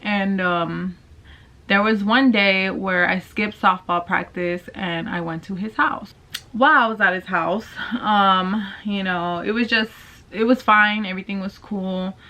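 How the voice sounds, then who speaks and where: A woman's voice: mid-range voice, measured pace, bright, forceful tone. A young woman telling a personal storytime vlog, casual and candid, with plenty of slang and swearing. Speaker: vlogger. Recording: dull lo-fi sound.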